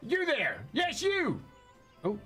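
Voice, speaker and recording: A man's voice: extremely high pitch, huge pitch swings, slow, bright, forceful tone. A man casually commenting on a game live stream, chatty and self-mocking. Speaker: streamer playing a video game. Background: faint game music.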